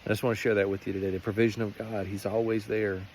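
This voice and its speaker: In a faith vlog, a man with a low voice talks fast in a flat delivery, sharing an earnest personal testimony. He rambles and keeps restarting, and there's slight background noise.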